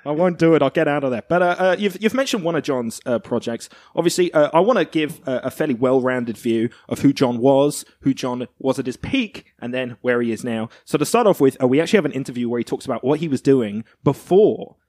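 Fast-talking joking podcast host, a man. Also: mid-range voice, darkish tone, no echo. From not Australia. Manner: quick, joking, riffs into mock quotes. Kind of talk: casual comedy podcast chat.

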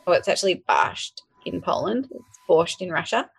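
Relaxed woman, lowish voice. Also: fast talker, gravelly, husky. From Australia. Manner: relaxed, many fillers, storytelling. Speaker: podcast guest. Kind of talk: casual chat.

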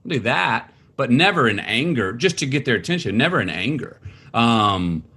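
Husky guy telling family stories, lots of restarts, voice jumps all over when he quotes people. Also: medium pitch. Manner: halting, many restarts, animated quoting of family. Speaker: interview guest, author. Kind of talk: conversational storytelling.

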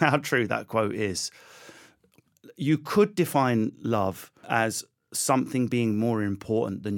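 A comedian with an Essex accent, chatting as a guest in a relaxed interview, riffing playfully on stereotypes. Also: male voice, lowish voice. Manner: animated, jokey, riffs on stereotypes. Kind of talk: casual interview chat.

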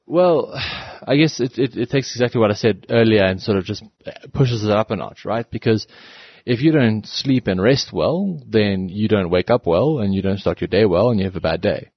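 A man's voice: on the low side, lively intonation, normal speed, few pauses, slightly rough, no room sound. A man co-hosting a podcast, easygoing and out of breath. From South Africa. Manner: easygoing, laughs often. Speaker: podcast co-host. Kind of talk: casual podcast chat. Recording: dull close-miked sound.

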